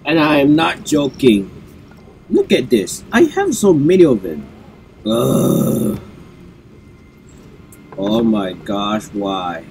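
A man's voice: medium pitch, wildly swooping pitch, slow, creaky, long pauses, music in the background. A man who keeps sneezing, narrating his gameplay in casual commentary for his viewers. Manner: sneezes often, apologizes, talks to the viewers. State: sneezy, congested. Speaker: gameplay video host.

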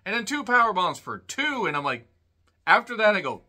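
A man giving a casual solo wrestling review, sarcastic and irreverent, who often clears his throat and breaks into loud bursts. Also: high voice, big pitch swings, a little fast.

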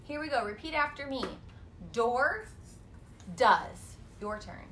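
A woman in her thirties teaching an online kindergarten phonics lesson from home, prompting words with bouncy, clearly enunciated delivery. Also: sits high, quick pace, over a noisy crowd. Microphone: phone camera. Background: guitar played alongside.

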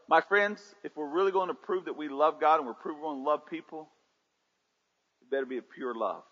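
A man's voice: a little high, pushed and bright, husky. Preaching man in a reverberant church. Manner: preaching with rising intensity, calling for audience responses. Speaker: pastor. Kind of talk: sermon. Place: church sanctuary. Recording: dull livestream audio in a reverberant sanctuary.

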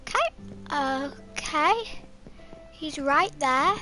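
A woman's voice: sits high, slow pace, long pauses, music in the background. Playful young woman singing over gameplay. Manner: playful, sings and hums to herself. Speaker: gamer. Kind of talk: casual gameplay commentary.

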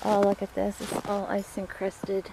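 A woman's voice: medium pitch, monotone, normal speed, vocal fry. A woman chatting to herself on a snowy outdoor vlog, breathless and laughing often. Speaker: vlogger. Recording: noisy outdoor recording.

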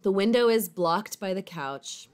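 A woman's voice: mid-range voice, expressive, a little slow, clean tone. A woman streamer chatting casually with viewers, rambling with lots of "like" and casual swearing. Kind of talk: casual chat.

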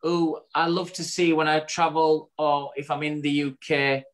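A man's voice: on the high side, level tone, normal speed. A man, co-hosting a podcast in casual chat and wrapping up the episode with an upbeat summary. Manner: chatty, upbeat, wraps up with a summary. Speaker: podcast co-host.

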